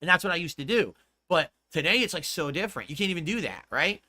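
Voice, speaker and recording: A man's voice: fairly high pitch, sing-song, quick pace, pushed and bright, no room sound. A streamer in a played clip, a man rambling about his past in casual talk, repeating himself and swearing freely. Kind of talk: casual storytelling.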